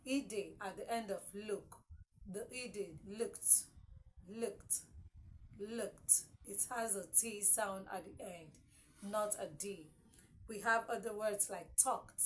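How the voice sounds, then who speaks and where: A woman teaching English consonant sounds, repeating each word several times and checking in with "okay?". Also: mid-range voice. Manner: repeats words slowly, asks "okay?" often. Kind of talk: classroom-style lesson. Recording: faint background noise.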